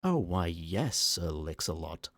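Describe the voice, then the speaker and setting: A man's voice: low voice, sing-song, slow pace, no room sound, clean studio sound, heavily acted. A man voicing a sugary male mascot robot that speaks in a prim English lady's voice, overly sweet and theatrical, in an ASMR story reading.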